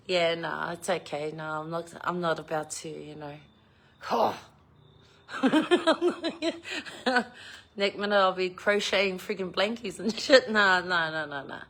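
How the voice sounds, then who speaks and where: A woman's voice: on the low side, takes it slowly, long pauses, a bit bright. Giggly, swearing New woman. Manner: giggly, swears freely, self-mocking. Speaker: vlogger. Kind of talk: casual chat.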